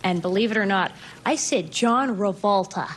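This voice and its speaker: A woman's voice: medium pitch, normal speed, noisy background. A woman on a game show panel, playful and self-mocking. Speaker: celebrity panelist.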